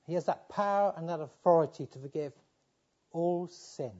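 A man preaching a sermon, pleading with his listeners and swinging from fervent appeals to low, quiet passages. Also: normal speed, dull audio.

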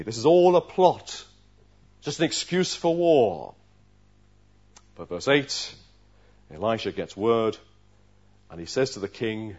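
A man preaches a sermon with a lot of expression. His pitch swings widely as he acts out the characters, and the recording sounds dull and lo-fi. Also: slow, pauses often. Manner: expressive, acts out the voices of the story.

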